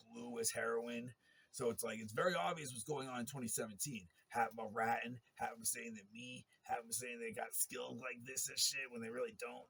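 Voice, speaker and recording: A man's voice: medium pitch, vocal fry, a bit bright, breathy edge. A man in a long, rambling monologue, talking in a profane and agitated way. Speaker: interviewee telling his story.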